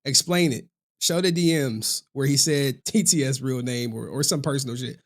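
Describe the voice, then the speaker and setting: A man streaming reaction commentary in an animated, profane way, often breaking into laughter. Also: mid-range voice, normal speed.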